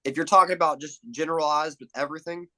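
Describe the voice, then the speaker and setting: A man's voice: fairly high pitch, steady tone, quick pace, pushed and bright, low-quality recording. A young man in casual podcast chat, swearing freely and acting out movie lines. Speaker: podcast guest.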